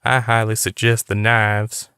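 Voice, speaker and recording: A man voicing a fidgety young man who nervously lays down rules for surviving a killer, read slowly in a clean, dry voice. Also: fairly low pitch, completely flat delivery, bright, forceful tone, smooth, no echo. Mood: bossy. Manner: bossy, nervous.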